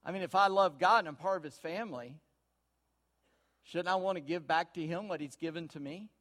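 A high-voiced man preaching from the pulpit. He tells homespun stories in a folksy way and swings between hushed asides and loud, emphatic points. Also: a little fast. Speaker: pastor. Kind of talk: sermon.

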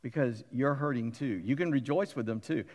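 A middle-aged male pastor preaching a sermon in a conversational, animated way, acting out quotes with humorous asides. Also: mid-range voice, normal speed. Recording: long reverb of a large hall.

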